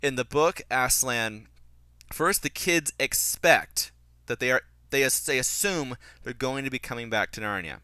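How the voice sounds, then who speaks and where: A young man giving a casual, critical film commentary, animated and restarting his sentences often. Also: medium pitch, measured pace, smooth, no room sound. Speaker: podcast host reviewing a film.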